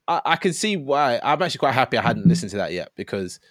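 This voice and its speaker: A man's voice: mid-range voice, very animated, fast talker, no room sound, clean studio sound. A man co-hosting a music podcast in casual, teasing banter. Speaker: podcast co-host. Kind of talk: casual chat.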